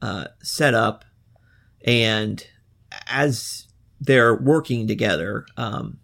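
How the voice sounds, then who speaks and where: A man hosts a relaxed film podcast, walking through a movie plot with easy pauses. His voice has a gravelly edge at a middle pitch. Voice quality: relaxed, recapping plots with fillers. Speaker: podcast host. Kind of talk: casual film-discussion podcast.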